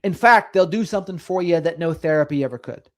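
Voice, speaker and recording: Middle-aged guy doing a chatty livestream, sing-songy, voice a bit on the high side. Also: quick pace. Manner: sing-songy, lively delivery. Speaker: livestream host. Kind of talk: casual livestream chat reading comments.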